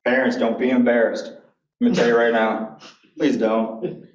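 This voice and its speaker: A man's voice: mid-range voice, level tone, normal speed, recorded from a distance. A man giving a keynote talk, telling blunt, humorous stories in a folksy way. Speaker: keynote speaker. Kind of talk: animated storytelling talk. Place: conference hall. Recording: echoey, dull room recording from afar.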